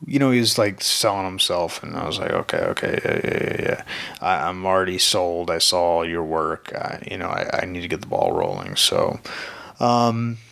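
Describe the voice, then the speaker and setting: A man's voice: fairly low pitch, gravelly, pushed and bright. A man, an independent filmmaker, telling a rambling, candid story in a casual monologue, with lots of fillers and some swearing.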